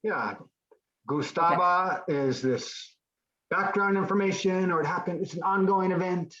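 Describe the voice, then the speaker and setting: A man teaching an online Spanish class, praising students and drilling them with quick questions. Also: high-pitched, a bit bright, dull audio.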